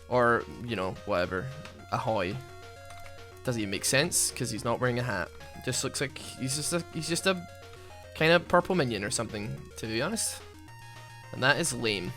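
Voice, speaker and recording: Bright-voiced man rambling over gameplay. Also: medium pitch. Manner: rambling and self-mocking, with sudden loud outbursts at the game. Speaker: gaming YouTuber. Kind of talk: casual gameplay commentary.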